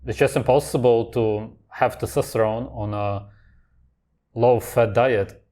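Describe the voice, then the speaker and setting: A man's voice: mid-range voice, steady tone, measured pace, mellow. A man hosting a reaction video, commenting on clips in a blunt, dismissive, contrarian way.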